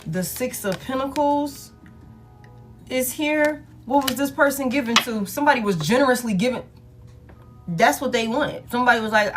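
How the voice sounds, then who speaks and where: A woman giving a casual tarot reading in a blunt, profane, animated way, repeating herself for emphasis. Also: sits high, normal speed, faint music behind. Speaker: tarot reader.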